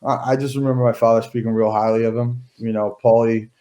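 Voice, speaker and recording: A man's voice: mid-range voice, level tone, fast, warm tone. A man in his thirties, an interview guest, telling stories in a rambling casual way with many fillers and restarts.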